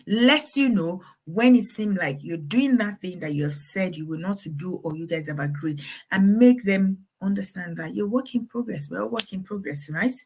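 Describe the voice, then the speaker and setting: Breathy middle-aged woman giving parenting advice. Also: medium pitch, a little mellow. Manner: earnest, advising, laughs often. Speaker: parenting speaker. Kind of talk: faith-based parenting talk.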